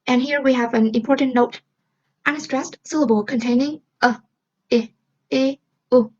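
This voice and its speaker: Young woman, Vietnamese accent, student presenter, careful explaining, husky, dull lo-fi recording. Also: a little high, a little mellow. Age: young adult. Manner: careful, explanatory, quizzes the listener. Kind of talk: class presentation.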